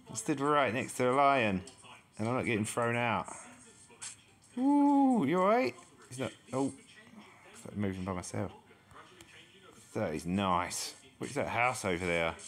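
A man hosting a gaming channel gives chatty let's-play commentary, reacting out loud to every discovery as he explores the map. His voice is on the low side with a bit of brightness.

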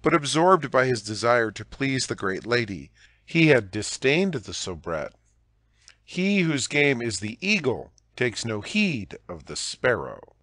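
A man's voice: medium pitch, very animated, unhurried, a bit bright, no echo. Man reading an audiobook, dry and close. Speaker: audiobook narrator. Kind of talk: audiobook narration.

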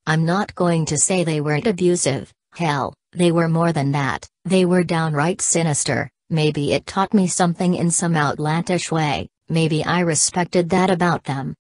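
A woman voicing a cold, boastful young male villain in an audiobook, reading in a flat, literal way. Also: sits low, unhurried, hardly any pauses, dry recording. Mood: cold, taunting. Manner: reads punctuation marks aloud.

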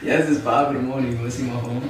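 A man's voice: mid-range voice, steady tone, racing, heavy background noise. A man pranking his partner on camera, speaking in a teasing, laid-back way. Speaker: prank video creator. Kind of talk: casual couple prank video. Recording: echoey, distant, loud music over it. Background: loud background music.

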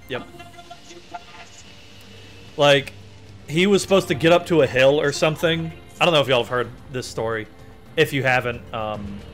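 A man streaming a video game, talking in a slightly high voice that jumps around in pitch. He rambles and gets excited as he plays, and soft game music runs underneath him. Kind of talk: let's play commentary. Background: faint game music.

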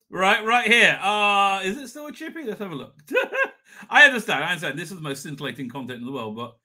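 Middle-aged male host, casual rambling stream chat, slightly high, sharp bright tone. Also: very animated, fairly quick. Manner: rambling, swears, chuckles often. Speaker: livestream host. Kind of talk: casual live chat reading comments.

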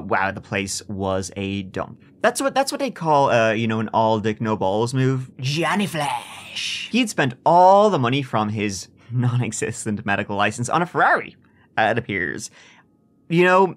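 A man's voice: medium pitch, a bit bright. A man hosting a true crime podcast, telling the story in a casual, sardonic way with profane, mocking asides. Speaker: podcast host.

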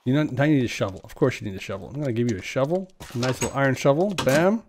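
A man's voice: medium pitch, animated, rapid-fire, background noise. A man hosting a let's play, chatting casually as he plays and talking to the characters in the game. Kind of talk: casual gameplay commentary.

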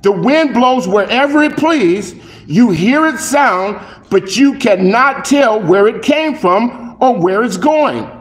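A male pastor preaching a sermon in an animated, conversational way, acting out little dialogues. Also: high voice, takes it slowly, roomy sound. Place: church.

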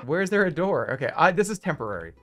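A male streamer chatting casually on a live stream, excitable and prone to sudden loud outbursts and laughter. His voice sits at a middle pitch but leaps up and down a great deal. He swears freely and talks in quick bursts.

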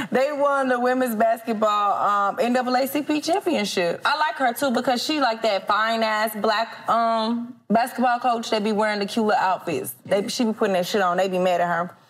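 A woman co-hosting a comedy show, talking bluntly and chatting with laughs. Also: fairly high pitch. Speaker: co-host. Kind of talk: casual comedic studio chat.

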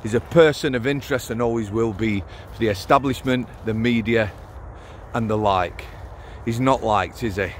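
A man's voice: lowish voice, moderate pace, a little hiss or hum. A man in his fifties with a Sheffield Yorkshire accent, a former prison officer talking bluntly to camera outdoors in short, punchy phrases. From Sheffield, Yorkshire, England. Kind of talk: casual monologue to camera. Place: outdoors on a cold hilltop.

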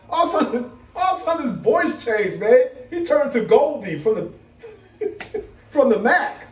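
A man chatting casually to camera as a vlogger, animated and laughing often. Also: very high voice, moderate pace. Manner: animated, laughing, full of "you know". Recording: roomy, from a distance.

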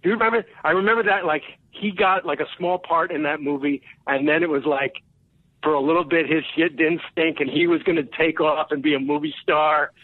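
High-voiced excitable man on a phone line. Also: a little fast, dry recording. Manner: rambling, excitable storytelling with laughter. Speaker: comedian guest. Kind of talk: casual comedy podcast chat.

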